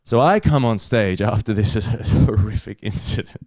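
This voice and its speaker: A young man, a stand-up comedian, telling a story in casual chat, animated and swearing freely. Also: lowish voice, normal speed, no echo, studio quality. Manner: animated, swears freely, acts out other people's lines.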